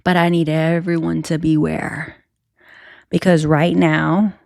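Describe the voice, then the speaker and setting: A woman's voice: sits low, little pitch movement, takes it slowly, gravelly, a little mellow, no room sound, clean studio sound. A young woman with a Cajun accent hosting a solo podcast, talking candidly with lots of fillers and restarts. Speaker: podcast host.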